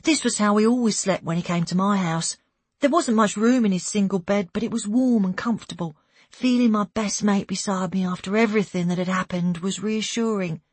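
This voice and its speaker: A woman narrating an audiobook in the first person, steady and even, sometimes dropping to a hushed aside. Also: mid-range voice, a little fast, husky, no echo.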